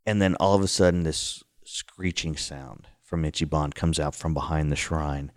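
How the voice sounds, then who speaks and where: Male storyteller, low pitch, dry close sound, casual and animated. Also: moderate pace, dry recording. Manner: animated, acts out the scares with sudden high outbursts. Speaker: guest telling a story.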